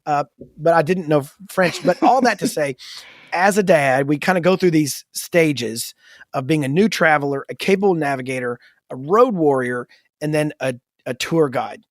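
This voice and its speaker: A man co-hosting a faith-based podcast, telling travel stories in an animated, casual way. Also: fairly high pitch, moderate pace, no room sound, studio quality. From United States. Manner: animated storyteller, talks through stories. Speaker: podcast co-host.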